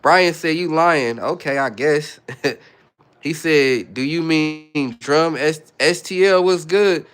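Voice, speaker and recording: A man's voice: a little high, takes it slowly, fairly bright tone, clean tone. A young man from the Bay Area hosting a casual livestream, reading viewer comments aloud and greeting people as they join. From California, Bay Area. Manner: laid-back, reads chat comments aloud and greets viewers. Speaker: livestream host.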